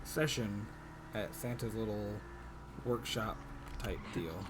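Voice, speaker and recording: A man's voice: fairly low pitch, slow pace, noisy background. A man hosting a casual podcast chat over a video call, trading jokes and playful banter. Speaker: podcast host.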